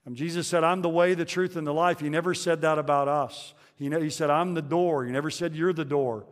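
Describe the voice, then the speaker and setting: A man preaching a conversational sermon to his congregation, pausing with fillers and restarting phrases. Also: on the high side, fairly even intonation, big-room sound. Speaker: pastor.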